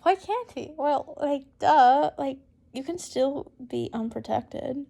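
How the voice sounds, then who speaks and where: Woman host, high voice, unhurried reading of fan fiction with chatty comments in between. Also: steady tone, gravelly, dark tone. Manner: breaks off into chatty, giggly asides between read lines. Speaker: fanfiction reader and channel host.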